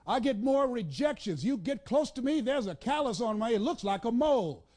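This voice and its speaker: High-pitched, lively motivational speaker man. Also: moderate pace. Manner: preacher-like cadence, builds with repetition, bursts into shouts; commands the audience to repeat and write things down. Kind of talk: motivational speech to a live audience.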